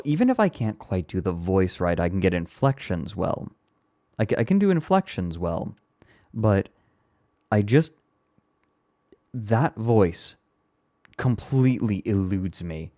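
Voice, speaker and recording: Animated male streamer, lively pitch. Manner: animated, chatty, quick to laugh. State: slightly irritated throat. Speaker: streamer reviewing viewer submissions. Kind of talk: casual live-stream chat.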